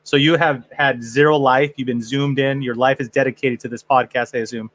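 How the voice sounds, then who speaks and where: A man's voice: mid-range voice, steady tone, brisk, a bit bright. A man hosting a casual fan podcast, joking and rambling with frequent restarts. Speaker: podcast host. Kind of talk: casual chat.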